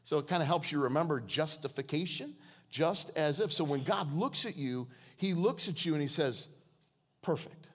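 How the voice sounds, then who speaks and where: Male guest preacher, light-pitched, playful, church sermon with call-and-response. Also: normal speed. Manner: joking, calls on the congregation to respond.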